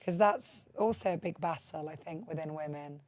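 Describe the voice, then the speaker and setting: A woman hosting a conversational podcast interview, musing aloud and prompting her guest with soft murmurs. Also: low voice, normal speed, dry recording. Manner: thoughtful, musing, many soft "mm-hmm" prompts. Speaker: podcast host.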